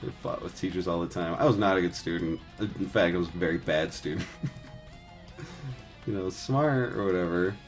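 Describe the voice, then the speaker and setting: Faint music plays behind a man whose voice sits low and who talks at normal speed. In his thirties, he's a 3D artist streaming texture painting, chatting loosely with plenty of filler words, swearing, and laughing easily.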